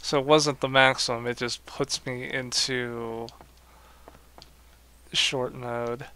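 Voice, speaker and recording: Bright-voiced man musing over gameplay. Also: medium pitch, little pitch movement, takes it slowly, clear, resonant tone. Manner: musing, wry. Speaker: streamer. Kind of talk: casual gameplay commentary.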